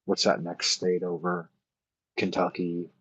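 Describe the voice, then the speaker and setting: A man with a low, husky voice rambles through a casual late-night chat, thinking aloud and filling pauses with "uh" as he answers viewers. The sound is dry and dull, with a muffled lo-fi edge. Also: monotone, fairly bright tone. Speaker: livestream host answering chat.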